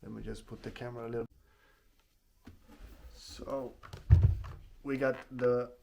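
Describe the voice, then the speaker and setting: A man's voice: medium pitch, fairly even intonation, a little slow, gravelly, darkish tone, slight background noise. A man doing a casual product unboxing at home in his apartment, speaking plainly and often restarting his phrases. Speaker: tech reviewer.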